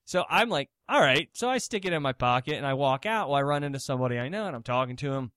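A man's voice: mid-range voice, quick pace, dry recording, studio quality. A man co-hosting a casual comedy podcast, telling a rambling story and acting out the people in it. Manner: animated storyteller acting out quotes. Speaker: podcast co-host.

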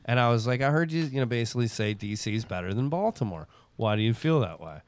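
A man's voice: medium pitch, lively intonation, fast. A man co-hosting a podcast in casual chat, telling a story with lots of swearing and quoted voices. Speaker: podcast co-host.

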